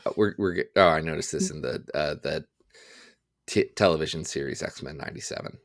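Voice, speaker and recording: A man's voice: a bass voice, fairly quick. A man co-hosting a comics podcast in casual, joking chat, playful and self-mocking. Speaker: podcast co-host.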